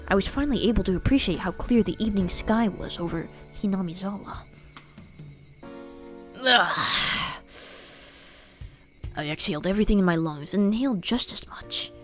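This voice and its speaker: A woman reading a visual novel aloud, voicing a reflective teenage boy narrator in a soft tone. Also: mid-range voice, natural voice.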